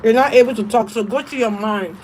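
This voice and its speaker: Woman tarot reader, casual and blunt, swears freely, slightly high voice. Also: fairly quick, a little hiss or hum, poor audio. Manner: blunt, profane, emphatic. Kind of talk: casual spiritual advice.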